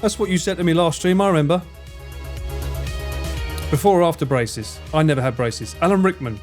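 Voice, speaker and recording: A young man with a London accent chatting casually on a live stream, animated and bantering, swearing freely. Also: a little high, fairly quick, soft background music. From England.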